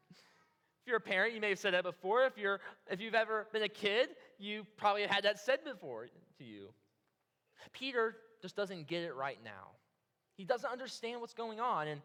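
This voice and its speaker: A high, bright male voice preaching with lively, dramatic storytelling. He rises and falls as he plays out each reaction. Long reverb from a church hall trails his words. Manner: animated storytelling, acts out the disciples' reactions. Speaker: pastor. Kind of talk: sermon.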